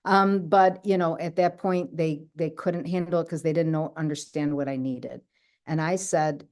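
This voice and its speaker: Chatty woman with a low voice. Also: steady tone, normal speed, a little mellow. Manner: chatty, keeps checking in with "right?". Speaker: speaker sharing her healing story. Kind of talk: casual talk on a video call.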